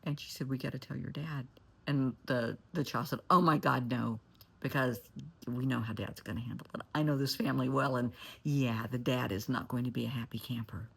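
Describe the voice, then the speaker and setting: A woman's voice: extremely low pitch, fairly even intonation, brisk, gravelly, breathy edge. A woman therapist recounting a client story and giving blunt, candid advice. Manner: candid, blunt, shifts to forceful warnings.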